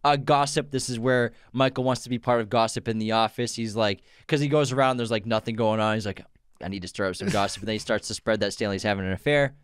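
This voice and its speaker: A man's voice: medium pitch, quick pace, few pauses, clear, resonant tone, no echo, clean studio sound. A young man co-hosting a podcast, casually running through favorite episodes and laughing as he goes. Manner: lists episodes, laughs often, quotes characters. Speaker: podcast co-host. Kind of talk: casual chat.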